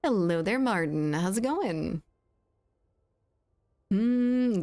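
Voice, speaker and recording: Woman streamer w/ a light southern us accent, kinda low voice, chatty, reads chat out loud mid game. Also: animated. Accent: mild Southern US. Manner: chatty, reads chat aloud, quick to laugh. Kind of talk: casual live-stream chat while gaming.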